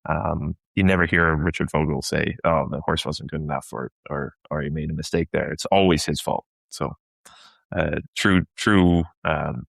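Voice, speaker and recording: A man's voice: rumbling low, fairly even intonation, moderate pace, vocal fry, no echo. A man from Canada, a show jumping guest, talking reflectively in a casual podcast chat with frequent restarts. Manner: reflective, many restarts and fillers.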